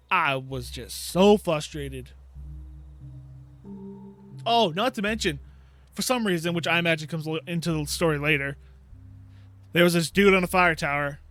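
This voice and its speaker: A man's voice: high-pitched, fairly bright tone. A man, a gaming YouTuber, ranting casually about a bad game, laughing in disbelief and acting out his own reactions. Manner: exasperated, laughing storyteller who acts out his own reactions.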